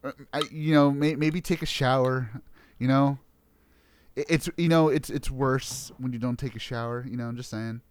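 Foul-mouthed, animated podcast host, a man. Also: mid-range voice, moderate pace. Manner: swears a lot, animated, laughs easily. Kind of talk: casual chat.

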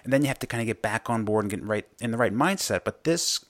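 A man's voice: on the low side, expressive, quick pace, dry recording. A man interviewing a writer in an easygoing, casual chat.

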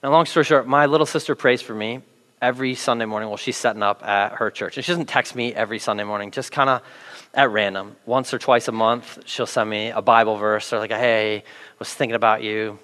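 A man who is a pastor, preaching a sermon with animated, self-deprecating storytelling. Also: on the low side, a little fast, long reverb tail. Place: large church auditorium.

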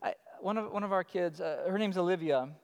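A man in his thirties preaching a sermon as pastor, telling stories in an animated way. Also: sits high, brisk, creaky, smooth. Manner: animated storytelling, acting out his child calling. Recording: long reverb of a church hall.

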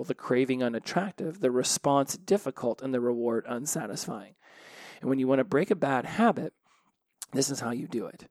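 Male podcast host and habit coach, mid pitch, dry close sound, loose chatty delivery with restarts. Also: darkish tone, dry recording. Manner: conversational, repeats and restarts words. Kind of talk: casual solo podcast talk.

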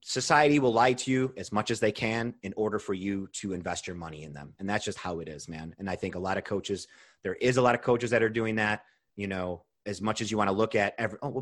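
The young man's voice sits on the low side as he hosts a podcast as a nutrition coach. Casual and animated, he goes on a rant, swearing freely.

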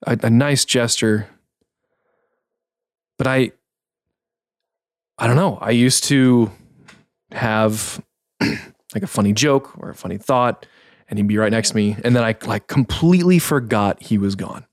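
A man playing a tabletop game, speaking in character in a halting, hesitant way with many restarts. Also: medium pitch, dry recording, studio quality. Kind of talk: in-character role-play.

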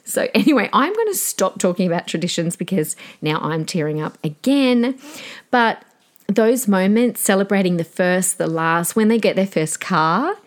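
A woman's voice: mid-range voice, lively intonation, moderate pace. A woman in her forties with an Australian accent, hosting a podcast in a chatty, earnest and rambling way. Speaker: podcast host. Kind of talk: casual solo podcast talk.

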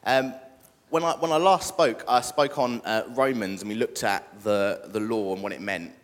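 A man's voice: lowish voice, moderate pace. A young British man preaching a casual sermon and joking with the congregation. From Britain. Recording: echoey church hall.

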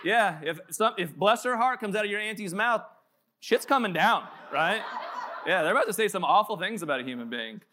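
A man's voice: high voice, expressive, a little fast, bright, forceful tone, slight background noise. A man in his thirties, a pastor telling joking, casual stories in a sermon at a church. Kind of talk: conversational sermon. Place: church sanctuary.

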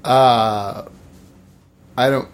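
A man's voice: mid-range voice, steady tone, very slow. A man, an actor guest on a podcast interview, answering in a dry, bemused way.

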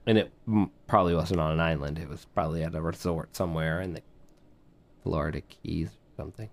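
A man's voice: very deep voice, fairly even intonation, brisk, creaky. A man co-hosting a movie podcast, rambling and joking in casual chat. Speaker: podcast co-host.

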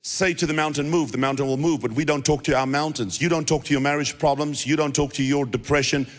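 A man's voice: on the high side, steady tone, fast talker, soft background music. A man preaching a sermon as pastor, emphatic and driving points home with repetition. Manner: emphatic preaching with repeated phrases. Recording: long reverb of a large hall.

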